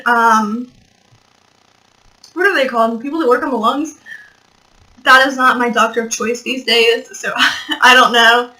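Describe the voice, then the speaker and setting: Bright-voiced young woman, rambling vlog. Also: sits high, low-quality recording. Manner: rambling, joking, swears, laughs often. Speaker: vlogger. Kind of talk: casual storytelling vlog. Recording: built-in mic, mic not plugged in.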